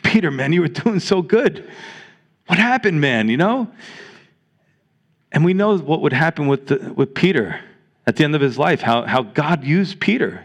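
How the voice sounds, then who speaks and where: High-voiced New York pastor preaching. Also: male voice. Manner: conversational preaching, frequent restarts and repeated words. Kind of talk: sermon.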